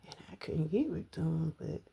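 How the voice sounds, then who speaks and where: A middle-aged widow recounts her husband's death in an emotional personal vlog, rambling, crying and slipping into whispers. Her voice is low, dark, husky and creaky, with big swings in pitch at a moderate pace.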